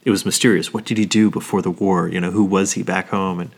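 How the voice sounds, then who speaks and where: A man's voice: low voice, level tone, quick pace. A man in his thirties, a podcast co-host, chatting casually, swearing often and getting emotional about films. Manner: swears a lot, gets emotional about movies. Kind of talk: casual chat.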